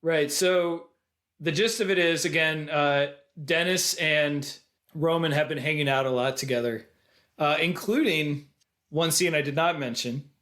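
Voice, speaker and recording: A man co-hosting a film podcast, retelling scenes in an animated way and slipping into quoted voices. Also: fairly high pitch, unhurried. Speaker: podcast co-host. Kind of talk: casual film discussion.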